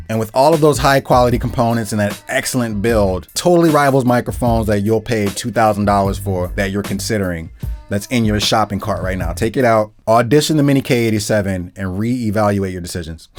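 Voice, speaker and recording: A man casually reviewing a microphone in an upbeat, conversational way, repeating phrases for emphasis, recorded close on a studio condenser mic at a desk setup. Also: medium pitch.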